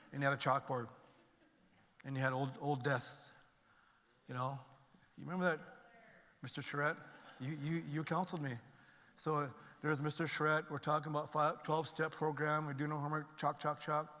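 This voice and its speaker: A man's voice: fairly high pitch, level tone, normal speed, pushed and bright. A middle-aged man giving a personal testimony talk, conversational with many fillers and restarts. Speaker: speaker sharing his recovery story. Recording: long reverb of a large hall.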